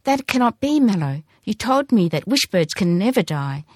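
A woman's voice: mid-range voice, sing-song, moderate pace, no echo, studio quality, voice pushed up. A woman voicing an earnest young girl raised by a wise bird, asking anxious, pleading questions.

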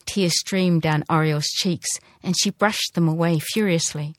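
A woman narrating a storybook with a measured, gentle read. Her voice sits somewhat low. The recording is dry and close, with no room sound. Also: steady tone, dry recording.

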